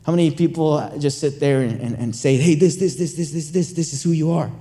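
In a church sanctuary, a man preaches in a relaxed, storytelling manner, often repeating words as he restarts a thought. His voice is fairly high, brisk, and warm, carried by the long reverb of a large church hall.

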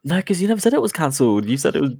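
A man's voice: a little high, big pitch swings, very fast, gravelly, a little mellow, husky, dry recording. A man co-hosting a casual podcast, laughing and arguing back at his friends. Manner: defensive, laughing, mocking. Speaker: podcast co-host. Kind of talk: casual late-night podcast banter.

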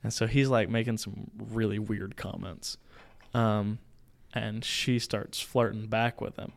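A young man, a podcast co-host, casually telling a story in a small home studio, animated, acting out voices and laughing. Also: fairly low pitch, measured pace, creaky. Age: young adult.

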